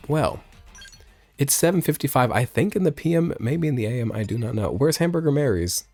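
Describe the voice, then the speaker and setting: A man's voice: mid-range voice, animated, fairly quick, a little mellow, no echo, soft background music. A man giving crude, joking commentary while playing a video game. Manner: jokey, crude, rambling asides. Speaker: let's play streamer. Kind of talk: casual gameplay commentary.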